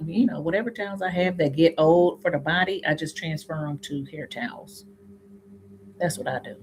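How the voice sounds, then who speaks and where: A woman with a Southern US accent, chatting casually with viewers on a live stream, reading comments aloud and answering them with sudden high, laughing exclamations. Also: a little hiss or hum. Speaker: YouTube host answering live chat.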